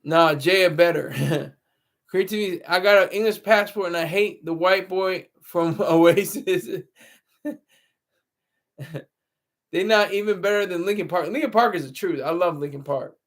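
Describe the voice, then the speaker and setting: Guy with a high voice chatting on his stream, rambly, laughs a lot, laptop mic. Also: unhurried, long pauses. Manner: rambling, laughs often, answers chat. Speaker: livestream host. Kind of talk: casual livestream chat. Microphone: laptop camera mic.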